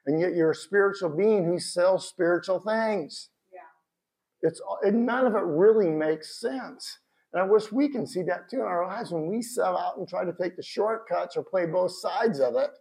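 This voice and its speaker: A man preaching a sermon in a conversational, animated way, with bursts of shouted emphasis. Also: sits high, normal speed, creaky. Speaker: pastor.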